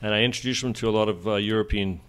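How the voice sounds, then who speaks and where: A man's voice: fairly low pitch, fairly even intonation, rapid-fire, fairly bright tone, clear, resonant tone. A man in his fifties, a golf journalist chatting as a podcast guest with dry, self-deprecating humor. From Scotland. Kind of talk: casual interview chat.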